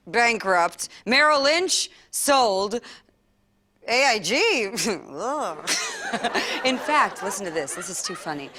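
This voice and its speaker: Woman comic with a high, lively voice. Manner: laughs at her own jokes, awkward pauses. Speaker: stand-up comedian. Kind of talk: stand-up comedy act. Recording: live stage with music and audience.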